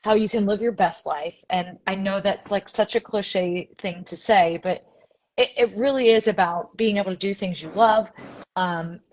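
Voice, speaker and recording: A woman's voice: medium pitch, darkish tone. Bubbly chatty woman hosting a live stream. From Indiana. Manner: bubbly, chatty, quick to laugh. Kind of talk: casual live-stream chat.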